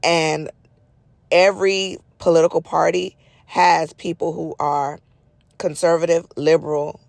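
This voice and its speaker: A woman's voice: deep voice, flat delivery, unhurried, vocal fry, a little mellow, no echo. A middle-aged woman hosting a solo podcast in casual, chatty talk, her nose a little stuffy, with folksy asides. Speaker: podcast host.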